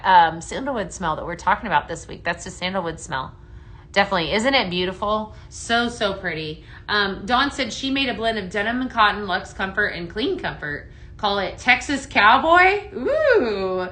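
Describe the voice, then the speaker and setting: A woman's voice: medium pitch, expressive, normal speed, bright, forceful tone. A woman hosting a live shopping stream, chatting and gushing over products while she reads out viewer comments, with plenty of fillers. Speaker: live shopping show host. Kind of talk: live product demo chat.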